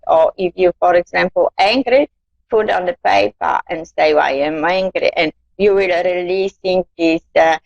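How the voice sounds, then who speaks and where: A woman with non-native English giving a psychic card reading on a live stream, gently coaxing the viewer and often calling her darling. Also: medium pitch, no echo, lo-fi sound.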